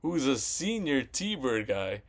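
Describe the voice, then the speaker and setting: A man's voice: mid-range voice, big pitch swings, takes it slowly. A man casually ranting about a movie sequel, rambling and swearing as he retells scenes. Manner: profane, rambling, retells scenes with quoted voices. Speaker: movie commentary vlogger.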